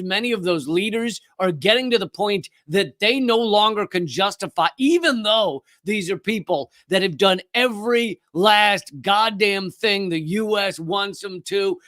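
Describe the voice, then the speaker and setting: A man hosting a live political commentary stream, talking fast and heatedly with frequent restarts. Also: sits high, bright, forceful tone, dry recording. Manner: impassioned, fast, with restarts and profanity.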